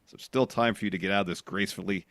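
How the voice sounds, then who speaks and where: A low-voiced man recaps the week's matches like a co-host walking through his notes. His delivery is steady and matter-of-fact. The sound is close and dry, with no room around it. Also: very fast, no echo. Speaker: podcast co-host. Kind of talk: casual wrestling recap.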